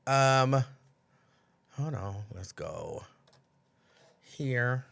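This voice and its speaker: A man's voice: mid-range voice, unhurried, pauses often. A man hosting a casual late-night livestream, chatty and repetitive, breaking into laughs and mimicking people. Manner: animated, laughing, repeats lines, mimics others. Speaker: host.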